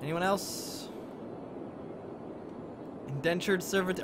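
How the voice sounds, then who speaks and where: A man's voice: on the high side, takes it slowly, pauses often, noisy background. A man chatting through live-stream gameplay commentary, thinking aloud and gushing with delight as he talks to his viewers. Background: game music.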